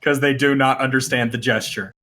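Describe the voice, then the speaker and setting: Bright-voiced game master, halting and laughing. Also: male voice, medium pitch, steady tone. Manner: halting, many fillers and restarts, laughing often. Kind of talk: narrating a tabletop game.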